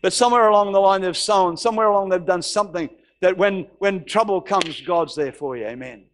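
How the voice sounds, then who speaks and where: A man's voice: high voice, fairly quick, slight background noise. A middle-aged man preaching a sermon, telling a story and acting out the voices of the people in it. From Australia. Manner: animated, acts out quoted voices, repeats phrases. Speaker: pastor.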